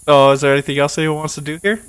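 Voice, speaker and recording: A man's voice: fairly high pitch, very fast, fairly bright tone, smooth, poor audio. Laid-back man running a tabletop game. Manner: laid-back, laughs while describing, swears casually. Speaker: game master.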